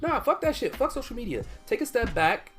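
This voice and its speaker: A podcast co-host speaking bluntly and emphatically in casual chat, swearing freely. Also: male voice, extremely high pitch, very animated, brisk, fairly bright tone, soft background music.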